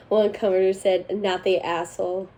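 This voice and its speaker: A woman's voice: medium pitch, flat delivery, a little slow, mellow, a little hiss or hum, poor audio. A young woman chatting casually as host, reading online posts aloud and laughing between lines. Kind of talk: casual chat reading forum stories aloud.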